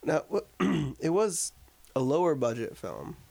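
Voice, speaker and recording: This upstate New York podcast co-host talks slowly in a sing-song voice on the high side, darkish in tone with vocal fry. He chats casually about a film, rambling and leaning on filler words.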